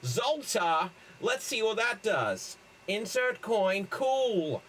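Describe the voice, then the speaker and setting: Give me a man playing a shrill, excited boy, loud and rushed. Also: full character voice, poor audio. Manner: rushed, shouty, cartoonish. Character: excitable boy in a fast silly movie skit.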